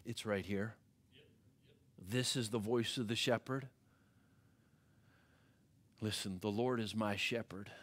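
A male pastor with an American accent, preaching a sermon and swinging from hushed, low passages to loud, climbing ones. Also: fairly even intonation, slow pace, long pauses. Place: church sanctuary.

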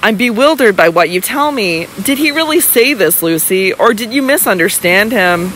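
A woman voicing an older baronet who speaks gravely and fondly to his wife. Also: medium pitch, lively intonation, moderate pace, a bit bright, slight background noise, lightly acted, rough recording. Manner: grave, affectionate, bewildered. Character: older male baronet, kindly, bewildered, fond husband.

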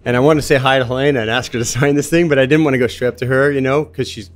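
A man in his fifties from Florida, a guest telling relaxed stories in casual conversation. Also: mid-range voice, very fast. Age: 50s. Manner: relaxed and chatty, laughs easily while telling anecdotes.

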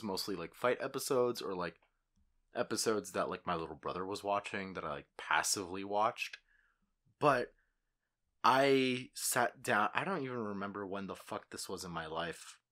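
A young man with a fairly low voice co-hosts a podcast in an easygoing, casual way. He swears offhandedly and rambles through his memories. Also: moderate pace, fairly bright tone. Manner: laid-back, swears casually. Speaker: podcast co-host. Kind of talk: casual chat.

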